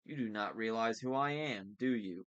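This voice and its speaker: Guy reading a book doing a slow creepy gloating monster vice principal, lowish voice. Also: fairly bright tone, highs cut off, natural voice. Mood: gloating menace. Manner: slow, deliberate, mocking.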